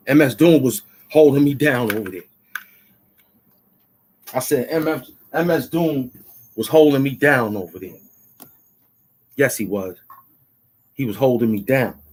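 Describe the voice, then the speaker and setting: A man's voice: medium pitch, unhurried, pauses often, darkish tone. A man hosting his own channel, taunting and repeating himself as he demands money he says he is owed. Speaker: YouTube show host. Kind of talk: confrontational rant to camera.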